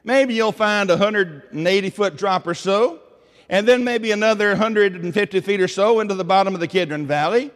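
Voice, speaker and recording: High-voiced Tennessee preacher in a hall. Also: male voice, normal speed, a bit bright. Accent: Tennessee Southern. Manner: earnest, conversational, asks the audience questions. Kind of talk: sermon.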